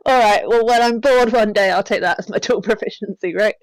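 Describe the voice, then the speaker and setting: A woman player chatting casually during a tabletop game, quick to laugh. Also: medium pitch, no room sound. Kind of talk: casual chat.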